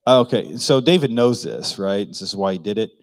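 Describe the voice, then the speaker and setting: A man's voice: fairly low pitch, animated, moderate pace, dry recording. A man preaching a casual, joking sermon, asking the congregation questions and acting out the people he quotes. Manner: joking, conversational, asks the crowd questions; acts out quoted voices. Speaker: pastor.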